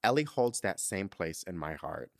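A man's voice: sits low, big pitch swings, normal speed, no room sound, studio quality. A man hosting a podcast, reading out a listener letter and reacting with emotional, dramatic asides. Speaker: podcast host.

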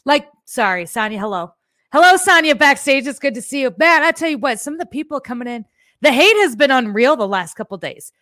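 A woman's voice: a little high, lively intonation, a little fast, a bit bright, dry recording, clean studio sound. A woman hosting her own live show, chatting casually to her viewers in a sassy, talkative way with profane asides. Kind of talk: casual live-stream chat.

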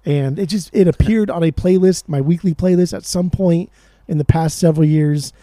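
A man co-hosting a podcast in casual chat, excitable and swearing often as he talks about music. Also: on the high side, moderate pace, dry recording, clean studio sound. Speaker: podcast co-host.

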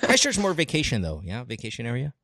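Guy running a call-in show, animated voice, jokey, dry close sound. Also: mid-range voice, fast talker, no room sound. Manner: playful, laughs loudly, swears casually. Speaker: podcast host taking calls. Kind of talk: casual call-in chat.

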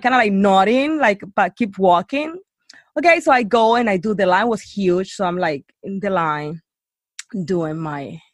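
A woman telling a story in casual chat, animated, acting out quotes and saying "like" a lot. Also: dry recording, clean studio sound. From Bay Area. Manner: animated, acts out quotes in a high voice, lots of "like".

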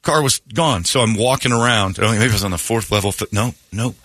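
A man hosting a radio talk show, telling a funny story in an animated way and acting out the voices in it. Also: on the low side, brisk, slightly rough, dry recording, clean studio sound. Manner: animated, acts out his own crying and other voices.

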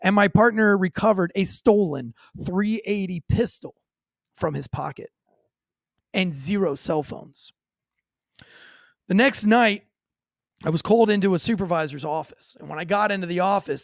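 Blunt high-voiced man telling a story. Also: moderate pace, creaky, no echo, studio quality. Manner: blunt, profane, vivid storytelling. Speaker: former police officer. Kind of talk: recounting a personal story in an interview.

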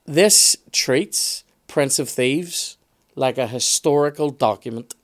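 A man's voice: mid-range voice, slow pace. Opinionated man, casual podcast chat. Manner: animated, swearing, opinionated. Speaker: podcast guest expert.

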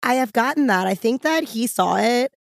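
Gravelly young woman, excitable storyteller. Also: a little high, normal speed, dry recording, clean studio sound. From New Orleans. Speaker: podcast guest. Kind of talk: casual chat.

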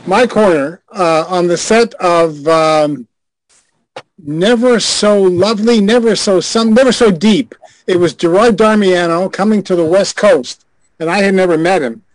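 A man's voice: sits high, measured pace, no echo, rough recording. An older man, a guest on a group call, telling a frank show-business story with wry chuckles. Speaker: guest, former adult film director. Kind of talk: anecdote in a group video call.

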